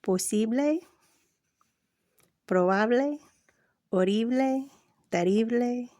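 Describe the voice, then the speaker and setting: A woman reading a language textbook aloud as a read-along lesson, slow and deliberate, with casual asides to the listener. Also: fairly high pitch, warm tone, dry recording.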